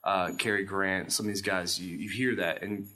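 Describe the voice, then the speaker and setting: Low, bright-toned man explaining casually. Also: steady tone, normal speed. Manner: explanatory, storytelling, with stammered restarts. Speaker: podcast host. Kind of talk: casual chat.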